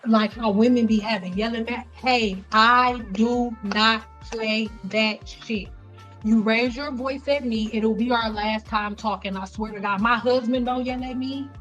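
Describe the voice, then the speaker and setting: A young woman with a fairly high voice chats live with her viewers, blunt and profane. She tells her stories with animation. Soft music plays faintly behind her. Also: fairly even intonation, measured pace. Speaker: livestream host. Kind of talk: casual unscripted livestream chat.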